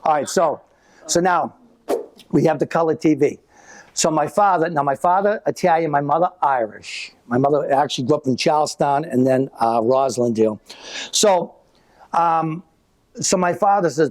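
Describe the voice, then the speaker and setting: A man's voice: on the high side, moderate pace. A man in his sixties doing live stand-up, rambling through stories and checking in with the audience. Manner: rambling, repeats himself, asks the audience. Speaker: stand-up comedian.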